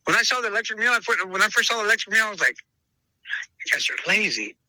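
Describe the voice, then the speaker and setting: A man's voice: sits high, racing, pushed and bright, no room sound, low-quality recording. A man talking emphatically in a casual interview, repeating himself and calling the listener brother. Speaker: podcast host interviewed as dog trainer.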